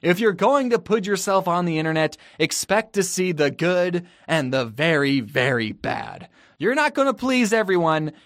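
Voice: medium pitch, no echo, clean studio sound. A creator in their twenties narrating a scripted video in a wry, self-mocking way, with playful asides. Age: 20s. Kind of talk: casual scripted commentary.

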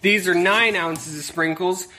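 A man's voice: high-pitched, steady tone, unhurried, sharp tone, slight background noise. A man vlogging as a YouTuber, joking and talking in a mock-sincere way. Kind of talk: casual vlog.

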